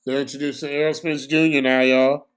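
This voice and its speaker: A young man giving casual, slangy live commentary on a boxing match for his stream, excitable and prone to bursts of shouting. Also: mid-range voice, a little fast, clear, resonant tone.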